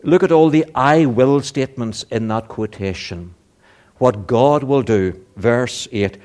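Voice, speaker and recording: Slow earnest male preacher. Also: lively intonation, darkish tone. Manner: earnest, rises in pitch and volume for emphasis, rhetorical questions. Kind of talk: sermon.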